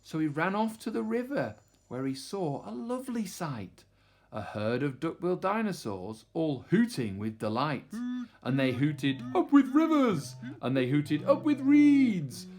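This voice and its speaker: Lively, slow storybook-reading man. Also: fairly high pitch. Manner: expressive, sing-song rhyming delivery. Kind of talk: children's picture book read-aloud.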